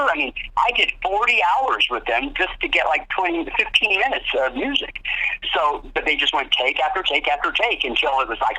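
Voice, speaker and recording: A man's voice: sits high, brisk, rough recording. A man telling studio stories in a casual interview, swearing freely and acting out what others said. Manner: animated, swearing, acts out quotes in other voices. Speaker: guest guitarist.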